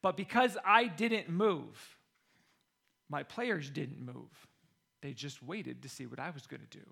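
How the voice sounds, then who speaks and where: Bright-voiced animated storytelling coach. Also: male voice, a little high, a little slow, vocal fry, breathy edge. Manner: animated, acts out the people he quotes. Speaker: football coach. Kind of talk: personal storytelling.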